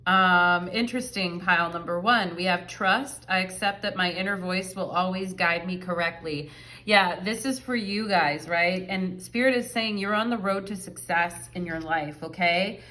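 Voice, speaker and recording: A woman's voice: lowish voice, moderate pace, bright, forceful tone. A woman giving a pick-a-card tarot reading in a chatty, rambling way, full of fillers and asides. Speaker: tarot reader.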